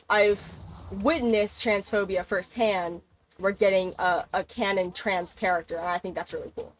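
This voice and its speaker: A woman's voice: medium pitch, a bit bright, dry recording. A young woman streaming a game, chatting casually, swearing, laughing and exclaiming as she plays.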